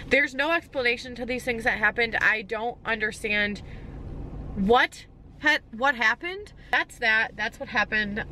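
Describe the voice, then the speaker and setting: Young woman vlogger, rattled storyteller, bright clear voice, faint background hum. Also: fairly high pitch. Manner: shaken, rambling retelling with many "like"s and restarts. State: anxious. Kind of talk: storytime vlog.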